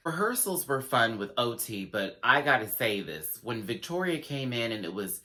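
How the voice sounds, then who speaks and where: A man's voice: moderate pace, hardly any pauses. A man giving a casual, sassy review of a show, acting out quotes in dramatic voices and laughing often. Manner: sassy, animated, acts out quotes with big pitch jumps.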